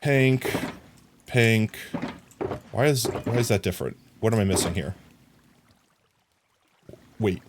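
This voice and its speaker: A man's voice: lowish voice, takes it slowly, long pauses, background noise. A man casually narrating his game on a live stream, talking to chat and humming silly sound effects as he works.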